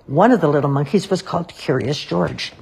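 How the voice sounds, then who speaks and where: A woman reading children's storybooks aloud in a gentle, expressive storytelling voice. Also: deep voice, brisk, vocal fry, slightly rough. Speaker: storybook reader.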